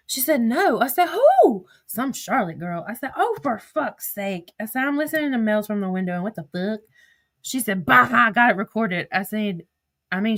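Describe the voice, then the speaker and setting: This livestream host, a woman with a Southern accent, has a fairly high, fairly bright voice. She tells casual stories, cusses openly and reads text messages to her audience.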